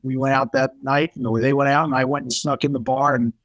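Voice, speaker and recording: A middle-aged man, a podcast guest telling his life story in a candid, animated way, acting out the people he quotes. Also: mid-range voice, a little fast, no echo, poor audio. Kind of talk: casual storytelling.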